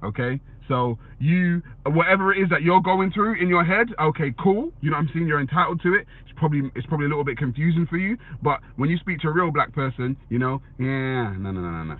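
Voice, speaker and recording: A man's voice: on the high side, fast talker, few pauses. Blunt man on a tinny line. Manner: blunt, swears, repeats "you know what I'm saying". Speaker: commentator reading viewer comments. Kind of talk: casual opinion monologue. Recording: tinny phone-like dry sound.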